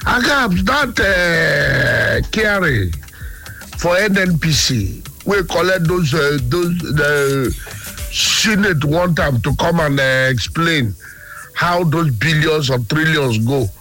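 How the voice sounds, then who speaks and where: A man's voice: fairly high pitch, animated, takes it slowly, sharp tone, soft background music. A man with a Nigerian Pidgin accent calling into a radio show with an indignant complaint. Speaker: radio caller. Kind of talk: phone-in call to a talk radio show.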